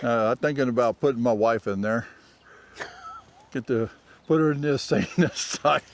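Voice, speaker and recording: A man's voice: mid-range voice, moderate pace. A man chatting casually while walking a trail outdoors, joking and teasing often. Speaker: vlogger.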